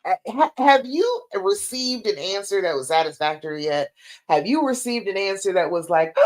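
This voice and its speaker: A woman relationship coach hosting a live-stream advice chat, talking to viewers in an emphatic, animated way. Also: mid-range voice, normal speed.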